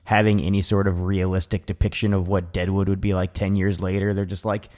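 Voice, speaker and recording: A man with a fairly low voice co-hosts a podcast, chatting casually and crudely. He is sardonic and quick to launch into rants and complaints. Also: flat delivery, a little mellow. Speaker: podcast co-host. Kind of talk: casual profane chat.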